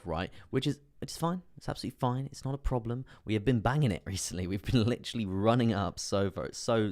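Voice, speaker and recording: A man's voice: sits low, darkish tone, no room sound, studio quality. A man hosting a live trading stream, chatting casually with many fillers as he reads out chart analysis. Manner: chatty, filler-heavy, laughs often while reading chat.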